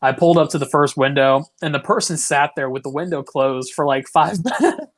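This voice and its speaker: In a fairly high voice, going a little fast, a young male podcast co-host works through a long story. It's loose and rambling, full of "like," and he swears freely along the way.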